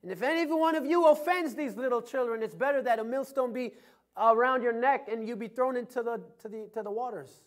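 A male pastor preaching a sermon, reading scripture and telling anecdotes, swinging from loud emphasis to soft asides. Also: very high voice, brisk. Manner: tells anecdotes with chuckles.

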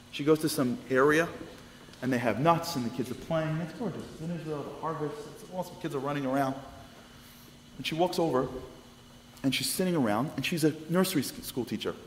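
A man speaking to a congregation, telling a story with animated shifts of voice as he acts out the people in it. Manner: lively, acts out the people in his stories with quick shifts of pitch. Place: synagogue hall. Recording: long reverb of a hall, faint noise.

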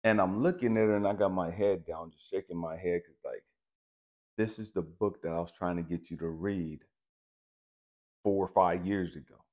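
A man telling a personal story to the camera in an animated, profane, emphatic way. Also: sits low, normal speed, muffled recording. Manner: animated, profane, keeps saying "stay with me, I'm going somewhere". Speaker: channel host.

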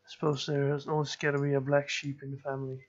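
A man giving slow let's play commentary, musing and thinking aloud as he plays. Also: medium pitch, monotone, highs cut off. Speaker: gameplay commentator.

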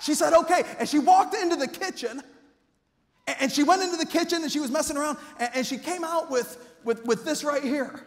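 A man with a very high, bright speaking voice, preaching to a church crowd. He tells his story with big animated swings and acts out every quoted voice. The sound rings with long reverb from the church hall. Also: fast talker. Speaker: youth pastor. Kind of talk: storytelling sermon. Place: church sanctuary.

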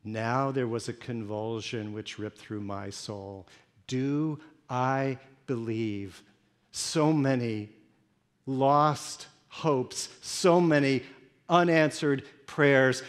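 A male pastor delivers an emotional sermon monologue in the first person, speaking very slowly at a medium pitch. He shifts between hushed storytelling and pleading intensity.

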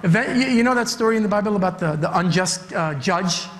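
A man's voice: high-pitched, lively intonation, quick pace, fairly bright tone. A man preaching a sermon as youth director, emphatic and repeating his key phrases for weight. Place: church sanctuary. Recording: long church hall reverb.

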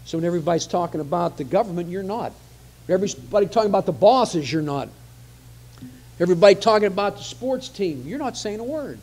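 A man's voice: high voice, lively intonation, fast talker, darkish tone. A man preaching a conversational sermon, often repeating phrases for emphasis.

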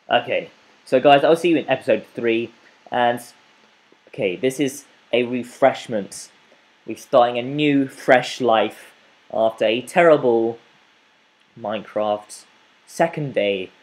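A young man giving let's play commentary, frustrated, swinging between muttering and yelling at the game. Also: mid-range voice, slow, slight background noise. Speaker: gamer.

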